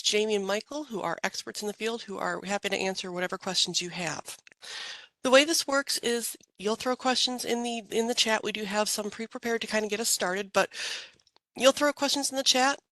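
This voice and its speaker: An upbeat woman hosts a webinar panel from her computer, her voice dry and close to the mic. She keeps things organized and friendly, with an everyday pitch. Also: fairly quick, a bit bright, no room sound, low-quality recording. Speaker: moderator of an archives webinar. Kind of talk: webinar moderation.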